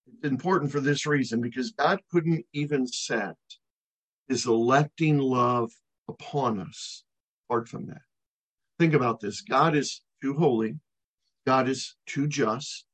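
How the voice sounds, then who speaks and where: A middle-aged male pastor preaching with a husky, slightly breathy voice. He leans hard on key words, slows right down to press a point, then lets his phrase endings sink almost to nothing. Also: mid-range voice, fairly bright tone, poor audio. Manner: emphatic, slows to stress key words, drops to near-silent on final words. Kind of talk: expository sermon.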